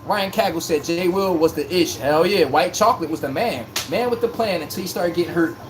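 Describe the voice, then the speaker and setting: A man with a slightly high voice talks a little fast against background noise. Hosting a livestreamed sports podcast, he keeps the chat casual, rambling and joking in slang.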